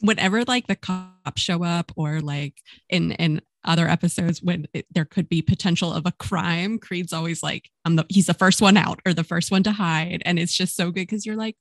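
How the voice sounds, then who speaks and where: Woman, podcast guest, casual chat, upbeat, slightly low voice, dry sound. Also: normal speed, hardly any pauses, no echo.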